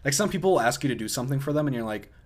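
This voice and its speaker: A man's voice: medium pitch, lively intonation, rapid-fire. A young man co-hosting a podcast in casual chat, joking around and laughing often. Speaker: podcast co-host.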